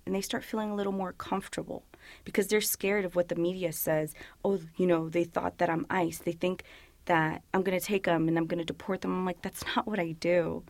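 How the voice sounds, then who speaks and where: In a relaxed interview, this American officer with Salvadoran parents talks freely, sprinkling in plenty of fillers like "you know" and performing other people's words as she quotes them. Her voice runs low, and the recording is dry.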